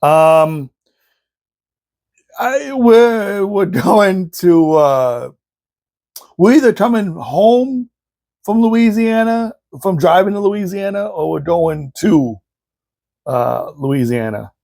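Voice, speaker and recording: A man's voice: sits high, lively intonation, slow pace, gravelly, long pauses, darkish tone, no echo. A man hosting a casual show, telling funny family stories and laughing often as he talks. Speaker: podcast host. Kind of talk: casual storytelling.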